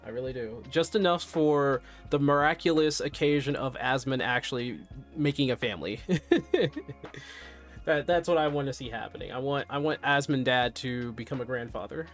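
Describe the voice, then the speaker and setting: A man's voice: medium pitch, normal speed, soft background music. A man hosting a live stream, chatting candidly and in a subdued way as he reacts to news and to his chat.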